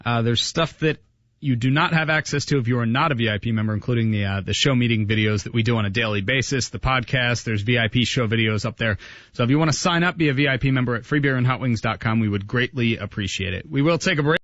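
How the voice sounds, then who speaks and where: A man's voice: mid-range voice, a bit bright, dry recording, lo-fi sound. A man on a radio show reading promotional announcements and previewing upcoming segments. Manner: brisk, promotional. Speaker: radio host.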